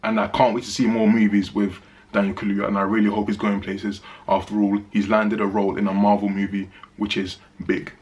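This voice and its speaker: A man's voice: on the low side, level tone, a little fast, darkish tone, highs cut off. A man giving a casual spoken movie review, chatty and emphatic, repeating phrases for stress.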